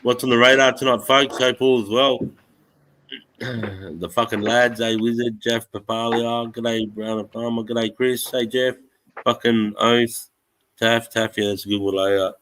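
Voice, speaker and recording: A man's voice: mid-range voice, fairly even intonation, unhurried, fairly bright tone, a little hiss or hum, low-quality recording. A man with an Australian accent hosting a livestream, chatting casually and swearing a lot, laughing as he retells things. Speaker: livestream host. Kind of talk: casual chat.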